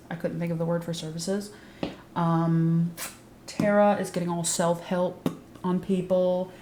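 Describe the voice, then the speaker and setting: Woman ranting through a tv recap, kinda low voice, lots of cussing and likes, echoey room w faint hiss. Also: mellow. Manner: sarcastic, profane, frequent "like" fillers. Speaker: YouTube recap host. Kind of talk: casual recap commentary.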